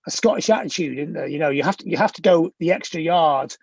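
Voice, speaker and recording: Husky-voiced man interviewing, dry sound. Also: a little high, a little mellow, dry recording, lo-fi sound. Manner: halting, restarts questions, laughs along. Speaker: interviewer, music journalist. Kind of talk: casual interview questions.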